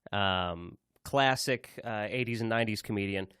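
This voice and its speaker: A man's voice: fairly low pitch, moderate pace, fairly bright tone, clean tone, dry recording. Man, podcast co-host, casual chat, rambling, restarts, dry close mic. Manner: rambling, many restarts and fillers.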